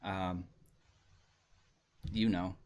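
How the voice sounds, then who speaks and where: A man hosting a casual podcast chat, easygoing and agreeable, with an unhurried, hesitant way of talking. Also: low-pitched, flat delivery, darkish tone.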